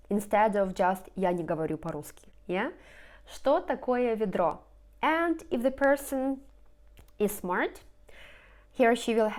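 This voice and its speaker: A woman teaching in English, her tongue, repeating each new word twice. She speaks slowly and deliberately, at a mid pitch, walking through slides one word at a time. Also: a little mellow. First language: Russian. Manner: repeats each word slowly and clearly, rising question intonation. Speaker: language teacher. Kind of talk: slow lesson narration over slides.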